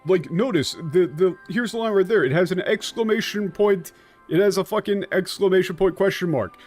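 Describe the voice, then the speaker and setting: A man's voice: high voice, expressive, moderate pace, darkish tone, soft background music. Exasperated, swearing male game streamer. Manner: ranting, exasperated, swears often. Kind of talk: profane commentary on a game translation.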